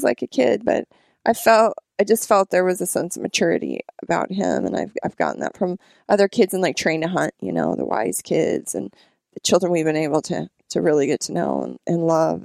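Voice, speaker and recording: A woman in her thirties chats on a podcast. She tells a family story with a lot of energy, and her pitch leaps as she acts out quotes. Her voice has a gravelly fry, and the recording is close and dry. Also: no echo. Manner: animated, acts out quotes with big pitch jumps. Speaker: podcast co-host, mother. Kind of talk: casual storytelling chat.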